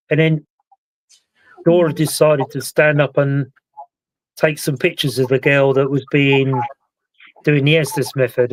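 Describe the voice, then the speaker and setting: A British man hosting a casual live-stream chat about a paranormal investigation, talking in a relaxed, rambling way. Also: mid-range voice, no echo, low-quality recording. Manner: relaxed, chatty, recounts events at length. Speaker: paranormal investigator and show host.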